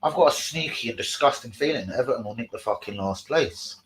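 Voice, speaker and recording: A man hosting a casual live stream, sweary and excitable, talking to his chat about football. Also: medium pitch, fast, echoey room, poor audio.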